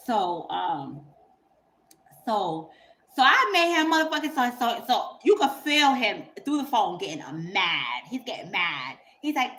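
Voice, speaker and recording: A woman spins a story for her channel in blunt, cussing, emphatic talk. She stays animated and laughs along as she goes, at a mid pitch, with a faint hum of noise behind her. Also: measured pace. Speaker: YouTuber. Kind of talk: casual storytelling monologue.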